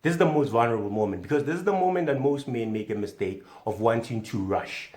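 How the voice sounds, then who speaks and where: A man at a middle pitch performs a mock how-to lecture as a comic self-styled doctor. His delivery is wildly animated, leaping between booming emphasis and hushed near-whispers. The sound carries a noticeable echo from the room. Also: fast. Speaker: comedic self-styled sex-advice doctor. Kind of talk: mock instructional monologue. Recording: echoey room.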